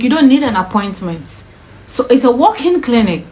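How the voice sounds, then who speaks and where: A woman's voice: fairly high pitch, big pitch swings, normal speed, mellow, poor audio. A woman vlogger telling a personal story to camera in an indignant, emphatic way, firing off repeated questions.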